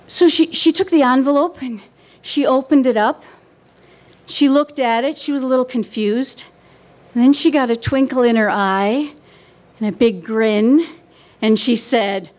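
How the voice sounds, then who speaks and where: A middle-aged woman telling a personal story on stage at a live event, warm and wry with dry humor. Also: high-pitched, measured pace.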